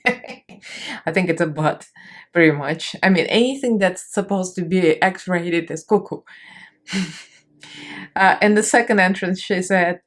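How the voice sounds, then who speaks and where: A woman's voice: on the low side, slow, long pauses. A young woman with a Russian accent chatting casually through a makeup tutorial, laughing often and talking in loose, easy phrases. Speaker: makeup vlogger.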